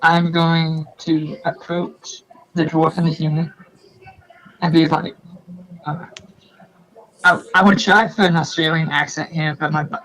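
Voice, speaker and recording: A man speaks in a fairly high, flat voice as he plays his character in a tabletop game. He hesitates often and drops casual slang, heard through a faulty computer mic on a voice call. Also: unhurried, pauses often, a little hiss or hum, low-quality recording. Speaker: player. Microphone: faulty computer mic over online voice call.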